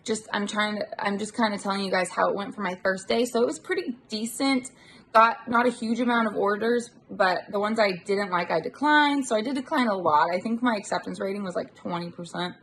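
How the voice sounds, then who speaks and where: Woman vlogger, mid pitch, gravelly; irritated casual rant to a handheld phone in a car. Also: a little fast, a bit bright, slight background noise. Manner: irritated, ranting, swears casually. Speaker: delivery-driver vlogger. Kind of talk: casual chat to camera. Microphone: handheld phone camera.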